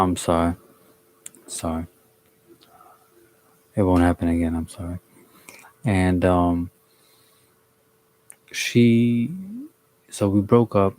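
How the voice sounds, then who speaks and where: A young man with a deep voice tells a personal story to his live stream chat. He speaks in an even, flat tone, stalling and restarting often. His wording is blunt, with casual swearing. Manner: halting, with many restarts and fillers.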